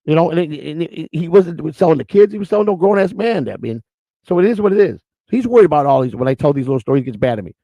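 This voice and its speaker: A man's voice: fairly high pitch, animated, fast talker, no room sound, muffled recording. A man from the Chicago area hosting a show, telling a story in profane, rambling street talk. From Chicago area, USA. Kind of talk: casual storytelling.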